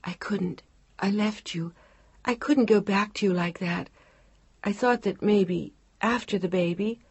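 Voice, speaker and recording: A woman voicing a young, pregnant, independent woman in an audiobook, with a playful, bright way of talking. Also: medium pitch, measured pace, husky, no echo, lo-fi sound, pitched above the performer's own voice. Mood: tearful.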